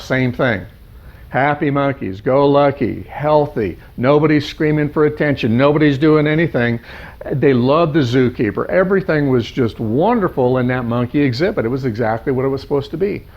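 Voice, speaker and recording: A male life coach telling a parable in an animated storytelling manner, piling up lists of words. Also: mid-range voice, fairly quick. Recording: dull lo-fi sound.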